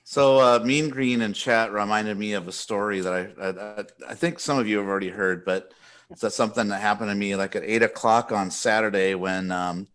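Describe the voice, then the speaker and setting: A man co-hosting a casual podcast, retelling a story in a rambling, animated way with many restarts. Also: on the low side, fairly quick, clean tone. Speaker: podcast co-host.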